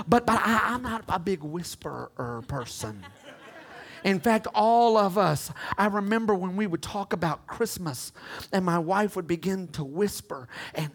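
A male pastor preaches with a gravelly, fry-tinged voice. He keeps it conversational and playful with the congregation. He swings from hushed delivery to loud bursts. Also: sits high, unhurried. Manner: animated, swings from whispers to shouts. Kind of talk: sermon.

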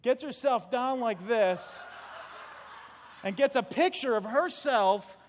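Male pastor, high and lively delivery, sermon anecdote, reverberant sanctuary. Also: slow pace, a little hiss or hum. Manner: storytelling, animated, laughing at own anecdote. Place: church sanctuary. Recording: long hall reverb.

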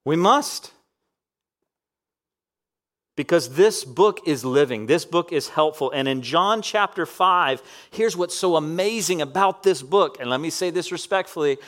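A man in his thirties preaching a sermon, swinging from loud emphatic peaks down to soft, near-whispered passages. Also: on the high side, normal speed.

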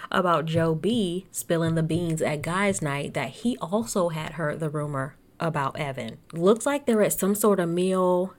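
A woman recapping a reality TV episode in a casual, chatty and sarcastic way, laughing often. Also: lowish voice.

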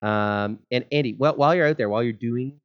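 A man riffs with dry, deadpan humor as a podcast co-host. His voice has an ordinary middle pitch and comes through a slightly dull, lo-fi microphone. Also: a little fast, smooth. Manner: dry, joking banter. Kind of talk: casual chat.

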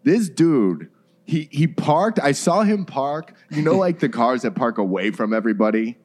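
A man's voice: medium pitch, big pitch swings, moderate pace, darkish tone. A man riffing in casual comic banter, heavy on slang like "bro" and "dude". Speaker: comedian.

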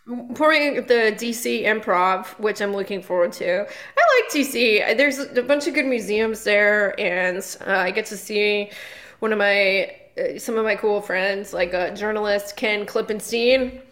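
A woman's voice: mid-range voice, unhurried, fairly bright tone. A woman comedian co-hosting a podcast, telling a story in a rambling casual way with lots of fillers and restarts. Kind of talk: casual chat.

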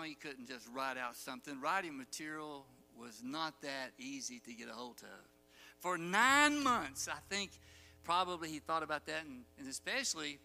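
A man preaching a sermon, telling the story with animated asides and acted-out quotes. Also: high-pitched. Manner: animated storytelling, acts out quoted lines, chuckles. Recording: long hall reverb, faint music.

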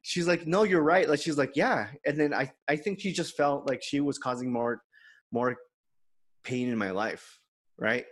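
A man's voice: medium pitch, measured pace. A man co-hosting a podcast, candidly telling a personal story in casual chat and quoting others in his own voice. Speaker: podcast co-host.

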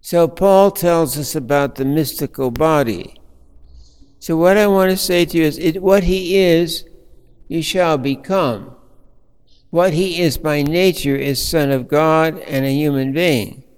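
A man preaching a sermon as a priest, telling a story slowly with fillers and restarts. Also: a little high, clean tone, long reverb tail.

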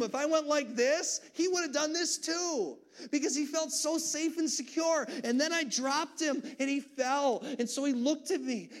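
A man in his thirties preaching a sermon in church, telling a family story earnestly with frequent restarts. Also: very high voice. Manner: earnest storytelling with many restarts, growing emotional. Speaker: pastor. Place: church sanctuary.

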